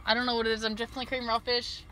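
A woman vlogger in casual chat, animated and laughing often. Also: a little high, rapid-fire, faint music behind, rough recording.

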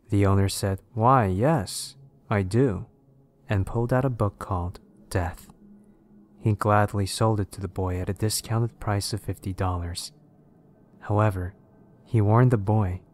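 Man reading horror stories, very low voice, steady, measured storytelling. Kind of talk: scripted narration of horror stories.

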